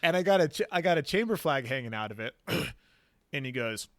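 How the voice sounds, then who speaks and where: A man's voice: fairly high pitch, animated, a little fast, no echo. A man hosting a podcast, telling a long story in casual chat, rambling with lots of fillers and casual swearing. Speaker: podcast host.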